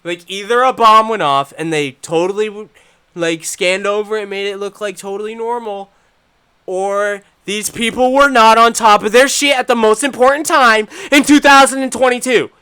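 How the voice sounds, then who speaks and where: A young man hosting a live stream, talking in a profane, rambling way that swings from loud angry ranting to low, muttered talk. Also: steady tone, moderate pace, clear, resonant tone. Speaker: channel host.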